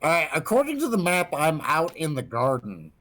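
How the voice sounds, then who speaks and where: A man playing a tabletop game online, eager and unhurried, swearing casually as he plays his character. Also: a little high, huge pitch swings, a bit bright. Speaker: player.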